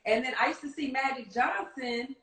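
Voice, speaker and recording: A woman from Kansas City with a Midwestern accent, a casting director telling animated stories in an interview and laughing often. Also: sits high, normal speed, reverberant, poor audio. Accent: Midwestern American. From Kansas City, United States. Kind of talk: storytelling interview.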